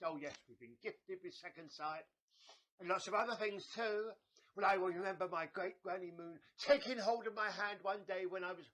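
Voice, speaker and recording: A man's voice: sits high, fairly bright tone. A man playing a chatty, scheming old woman fortune teller, rambling and stammering theatrically. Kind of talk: comedy sketch acting.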